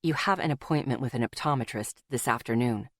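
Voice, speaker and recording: A woman voicing an observant young man who speaks in a measured, soft-spoken way, lowering her voice for him. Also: no echo, clean studio sound. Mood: firm. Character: careful, observant young man, quietly firm.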